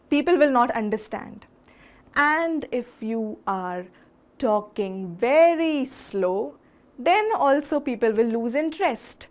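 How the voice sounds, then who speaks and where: High-voiced woman teaching speaking skills. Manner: earnest, instructive, varies pace and loudness for emphasis; asks the listener rhetorical questions. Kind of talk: classroom-style lesson on public speaking.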